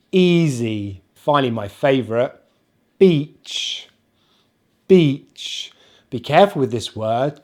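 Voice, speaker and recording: A man with a British accent teaching English pronunciation, saying each example word slowly and clearly twice. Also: mid-range voice, a little mellow. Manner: clear, careful, drawn-out repetitions of words. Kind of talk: slow, deliberate pronunciation lesson.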